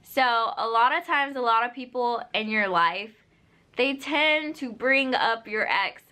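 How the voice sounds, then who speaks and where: A woman's voice: on the high side, a little slow, sharp tone. A young woman vlogging, giving casual, unscripted advice straight to camera, full of "like" and "you know". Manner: earnest, direct advice-giving.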